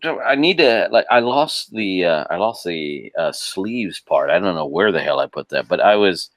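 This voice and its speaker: Deep-voiced man chatting animatedly. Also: moderate pace, dry recording. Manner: animated, laughs often, frequent restarts. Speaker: podcast guest. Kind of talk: casual podcast chat.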